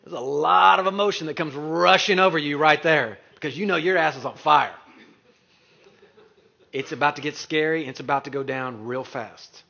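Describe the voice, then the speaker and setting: Middle-aged guy telling a story to a crowd, bright fairly high voice, dull lo-fi sound. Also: normal speed, gravelly. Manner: animated, acts out quoted voices. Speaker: real estate speaker. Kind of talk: storytelling talk to an audience. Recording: dull lo-fi recording.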